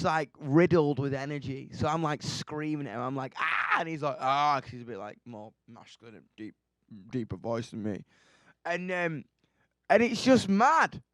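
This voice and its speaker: Young man, musician guest, excitable rambler who swears, slightly high voice, dry studio sound. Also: clear, resonant tone, dry recording. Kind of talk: casual interview chat.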